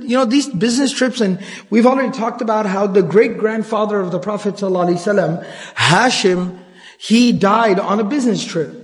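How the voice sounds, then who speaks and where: A man's voice: high-pitched, in a large hall. A man giving an earnest storytelling lecture on the Prophet's life, mixing in Arabic phrases and the odd filler. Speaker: Islamic lecturer.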